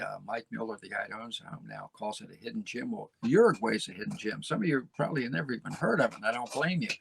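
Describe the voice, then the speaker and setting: A man hosts a casual talk show in a gravelly, husky voice. He is folksy and emphatic, repeating his points and checking in with "okay?" The recording is dry and close. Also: on the low side, dry recording. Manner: folksy, keeps tagging lines with "okay?"; emphatic, repeats phrases for effect. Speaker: host.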